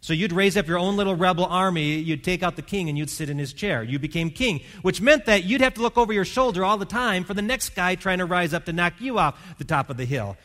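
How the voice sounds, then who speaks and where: A man preaching a sermon as pastor, telling a Bible story and voicing its characters, rising to loud emphasis. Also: sits high.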